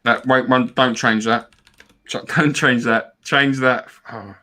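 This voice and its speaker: A man's voice: mid-range voice, steady tone, slow, noisy background. A man co-hosting a casual live fan stream, chatting about football and reading out donations. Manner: chatty, repeats words, reads out donors. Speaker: fan show co-host.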